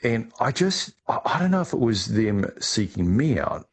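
A middle-aged man answering interview questions, telling his story in a relaxed way with some restarts. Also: medium pitch, moderate pace, slightly rough. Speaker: guest, ice diver.

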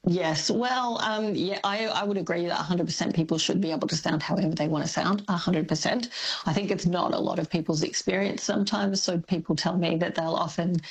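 A woman speaking as an expert guest on a radio show, explaining in a thoughtful, measured way with small fillers. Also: on the low side, slightly rough, low-quality recording. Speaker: accent and language expert guest. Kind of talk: radio interview.

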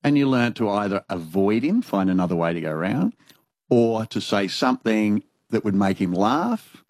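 An older man with an Australian accent spins his stories in a lowish voice and slips into other people's voices as he goes. The sound is dry and close. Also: normal speed, dry recording. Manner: animated anecdotal storyteller, acts out dialogue. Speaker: interviewee. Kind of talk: storytelling conversation.

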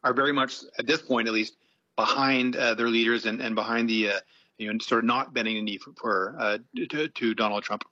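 Man, journalist guest, forceful bright tone, frequent restarts, muffled lo-fi line. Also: mid-range voice, steady tone, brisk. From Canada. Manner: thinking aloud, frequent restarts and hedging fillers. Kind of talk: casual commentary in an interview.

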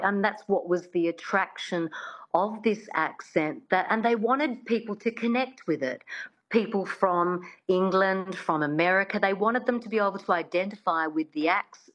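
A woman who works as an accent coach, explaining things in a measured way as a guest on a radio interview. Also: medium pitch, a bit bright, rough recording.

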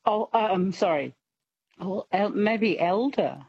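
Woman, late fifties, radio caller, slow and unhurried, hesitant, self-deprecating, dull dry phone sound. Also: mid-range voice, animated, vocal fry, breathy edge, dry recording. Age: late 50s. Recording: muffled dry phone line.

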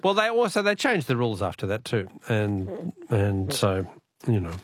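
A man's voice: fairly low pitch, very animated, moderate pace. A middle-aged Australian man hosting a call-in radio quiz, jokey and chatty, laughing often.

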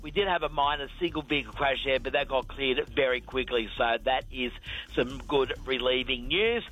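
A man's voice: medium pitch, normal speed, poor audio. A man with an Australian accent reading a radio traffic report, then chatting casually with the host. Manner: steady rundown with hesitant fillers.

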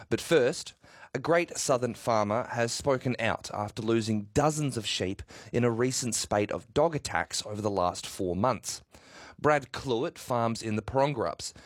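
A man with an Australian accent presenting a rural radio news program, reading a scripted story steadily and clearly. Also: mid-range voice, no room sound, clean studio sound.

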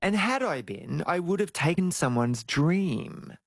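A man, telling stories as an interview guest, jumping into high squeaky tones when he jokes. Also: a little slow, dry recording. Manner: animated storytelling, jumps to high squeals when joking. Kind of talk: casual interview chat.

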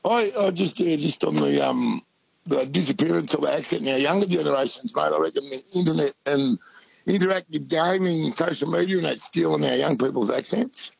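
A man's voice: a little high, fairly quick, gravelly, husky, no echo, rough recording. A middle-aged Australian man calling into a radio show, chatty and colloquial, calling people mate. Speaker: caller.

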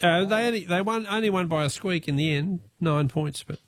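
A man's voice: high voice, brisk. An Australian man hosting a talkback radio quiz, chatty and chuckling as he reads out listener texts.

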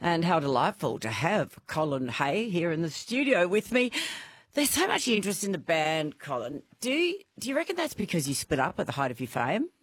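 A radio host interviewing a guest in the studio, chatty and enthusiastic. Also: female voice, on the low side, big pitch swings, normal speed, breathy edge.

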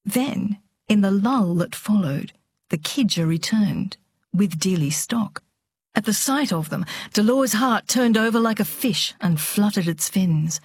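A woman narrating an audiobook in a steady, measured storytelling voice. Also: medium pitch, slightly rough, no room sound, clean studio sound.

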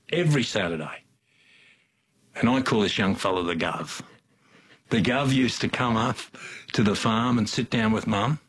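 A man's voice: fairly low pitch, slightly rough. An older man with an Australian accent, telling a rambling family story in a folksy, chuckling way. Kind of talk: storytelling in conversation.

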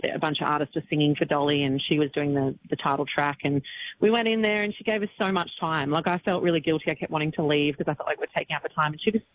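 A woman country singer, appearing as an interview guest, is upset and grieving yet chatty, tearful but laughing often, with many restarts and fillers in this emotional casual chat. Her deep voice moves fast, the highs are cut off, and there is slight background noise.

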